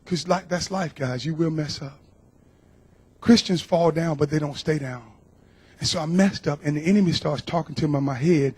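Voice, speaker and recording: A man's voice: a little high, moderate pace, a little mellow, breathy edge. A middle-aged man from Georgia tells a personal testimony to a church congregation. He speaks earnestly and emotionally and often repeats his words. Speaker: guest speaker.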